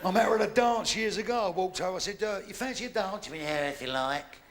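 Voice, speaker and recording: A man's voice: sits high, quick pace. A man doing bawdy stand-up comedy on a theatre stage, playing both sides of every exchange. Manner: brash, bawdy joke-telling, acting out both sides of each exchange. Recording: noisy live theatre recording.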